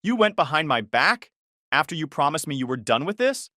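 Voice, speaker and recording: Brief: a male narrator puts on an enraged, tearful young mum, pitched up and yelling. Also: very animated, fairly quick, dry recording, studio quality. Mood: furious screaming. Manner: screaming, sobbing accusations. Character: furious tearful young mother.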